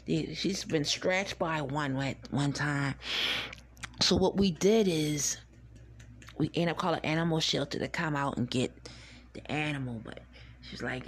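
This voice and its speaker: Husky low-ish woman just rambling about the old days on her podcast, chill and chatty. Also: a little slow, pauses often. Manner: rambling, laid-back, swears and laughs while reminiscing. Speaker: podcast host. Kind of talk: casual storytelling monologue.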